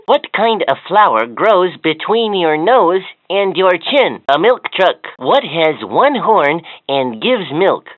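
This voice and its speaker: A woman's voice: on the low side, dry recording. A woman voicing a cheerful, chatty talking learning toy, with encouraging, giggly, joke-telling lines. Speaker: voice of a children's educational toy. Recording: tinny, dry toy speaker audio.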